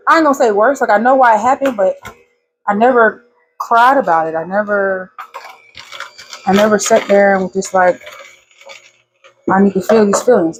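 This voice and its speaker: A woman's voice: medium pitch, noisy background. A young woman vlogging from her home kitchen while juicing, talking candidly in AAVE, swearing freely and voicing her own inner thoughts. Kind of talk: casual chat while juicing.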